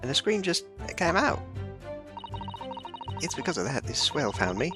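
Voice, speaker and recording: A man's voice: fairly high pitch, big pitch swings, unhurried, voice pushed up. A man voicing a cocky young street pickpocket girl with a Cockney accent and cheeky slang, reading game dialogue aloud. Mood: chatty. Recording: game music playing underneath.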